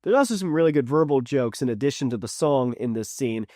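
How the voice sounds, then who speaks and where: A man's voice: medium pitch, animated, fast, dark tone, no room sound. Chatty man reviewing, dry close mic. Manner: rambling, chatty, with fillers and restarts. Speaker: video reviewer. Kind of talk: casual retrospective review.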